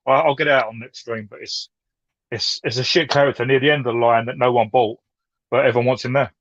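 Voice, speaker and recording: A man's voice: medium pitch, steady tone, fast, fairly bright tone, no room sound, highs cut off. A man from England chatting as a stream guest, enthusiastic and stumbling over restarts. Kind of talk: casual chat.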